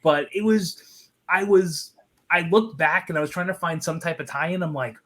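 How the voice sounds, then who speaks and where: A man's voice: on the high side, normal speed, a bit bright. A man co-hosting a sports podcast, running a trivia segment with a teasing, dryly sarcastic manner. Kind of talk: casual sports podcast chat.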